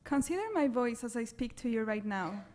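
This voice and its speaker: A woman with a foreign accent, reading an academic presentation at a symposium in a measured, deliberate way. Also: on the high side, darkish tone. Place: lecture hall.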